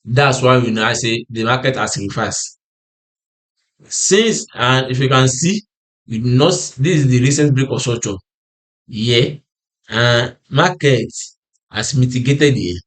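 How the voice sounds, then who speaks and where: A man's voice: mid-range voice, a little slow. A man explaining trading charts in a lesson, tired and yawning, who repeats and restarts his phrases and asks himself "what?" before answering. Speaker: forex trading analyst. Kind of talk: screen-share chart walkthrough.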